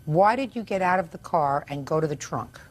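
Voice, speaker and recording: Older lady judge grilling ppl in court, talks super fast, lowish voice, sharp n no-nonsense. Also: expressive. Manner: brisk, sharp, cross-examining. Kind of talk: courtroom questioning.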